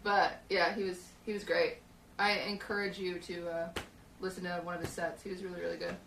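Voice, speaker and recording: Low-ish and creaky, her voice stays flat and fairly quick as the young streamer casually rambles through a story, stuffed with fillers. Recorded in a small, hot podcast shed on a distant mic, the sound is roomy with a noisy background.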